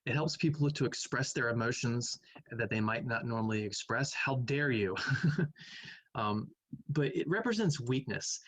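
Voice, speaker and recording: A man's voice: medium pitch, fairly bright tone, no echo, low-quality recording. A man who teaches math, casually reviewing quiz answers in a recorded lecture, thinking aloud and humming between questions.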